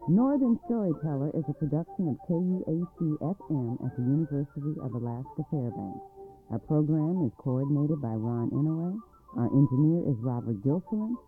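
A man's voice: on the high side, lively intonation, fairly quick, music in the background. A man narrating a folk tale for a radio storytelling program, reading expressively and dramatically. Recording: dry, tinny phone-like sound.

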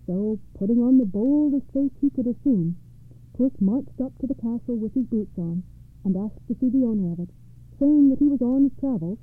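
A woman narrating fairy tales for a radio program in a measured, expressive storytelling manner. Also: fairly high pitch, dry recording. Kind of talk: fairy tale read-aloud narration. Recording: tinny phone-like radio sound.

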